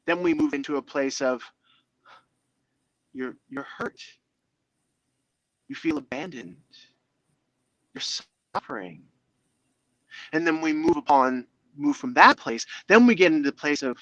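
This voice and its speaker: Guy on an interview talking about self-talk, kinda high voice, acts out the voices in his head, dry sound. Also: a little slow, gravelly, long pauses, dry recording, lo-fi sound. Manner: expressive, acts out inner dialogues in other voices. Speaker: guest speaker.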